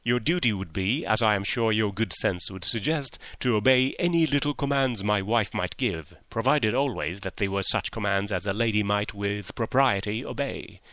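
Brief: man doing coaxing fussy employer, bright crisp tone, lowish voice, dry close sound. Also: moderate pace, hardly any pauses, no echo. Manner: coaxing, repeats himself, ends on "eh?". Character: jovial, pushy middle-aged male employer.

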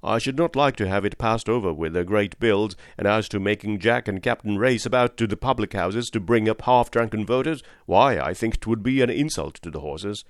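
A man's voice: lowish voice, moderate pace, hardly any pauses, dry recording, studio quality, natural voice. A man doing a grave, principled cabman. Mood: firm. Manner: firm, moralizing. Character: principled cab driver father, grave and firm.

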